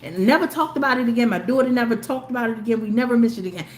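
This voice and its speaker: A woman's voice: a little high, rapid-fire. A woman, hosting a live video stream and telling a long story to her viewers in a chatty, rambling way with many restarts. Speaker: YouTube live host. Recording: roomy with faint background noise.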